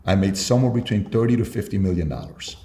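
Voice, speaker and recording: A man's voice: on the low side, animated, fast, dark tone, echoey room, slight background noise. A man telling an emphatic sales story in conversation, acting out his own dialogue. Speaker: sales mentor guest.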